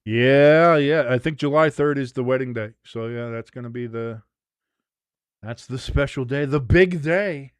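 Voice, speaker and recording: A man's voice: medium pitch, normal speed, clear, resonant tone, no room sound. A man in his forties hosting a live sports watch-along, crude and rambling, laughing at his own jokes. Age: 40s.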